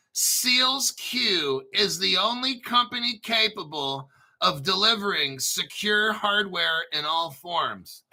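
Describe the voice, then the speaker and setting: A man hosting a casual crypto show, rambling, clearing his throat often and swearing offhandedly. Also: high voice, sharp tone. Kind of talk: casual commentary to camera.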